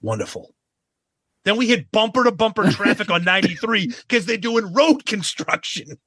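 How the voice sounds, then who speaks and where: A man's voice: high voice, moderate pace, pushed and bright, no room sound. A man co-hosting a podcast, telling a travel story in a casual, profane way. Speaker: podcast co-host.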